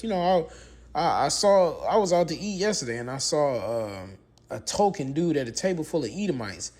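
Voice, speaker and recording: Casting: male preacher-commentator, higher voice, very lively swings, emphatic and repetitive, rhetorical questions. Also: normal speed. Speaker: religious commentator. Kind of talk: preaching commentary with scripture reading.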